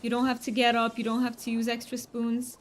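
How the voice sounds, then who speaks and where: A woman's voice: on the high side, monotone, fairly quick, slight background noise. A young woman streaming a cozy game from home, chatting and giggling as she plays. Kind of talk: casual chat while gaming.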